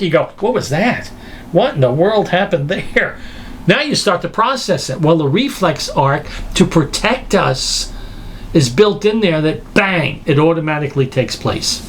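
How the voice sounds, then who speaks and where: A man giving an animated lecture, emphatic and incredulous, acting out everyday examples as he goes. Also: fairly high pitch, slight background noise. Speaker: speaker teaching a lecture series.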